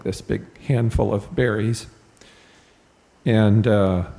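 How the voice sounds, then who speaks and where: A man's voice: lowish voice, gravelly, darkish tone. A man sharing a rambling, self-deprecating story with his group, with many fillers. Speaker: retreat participant.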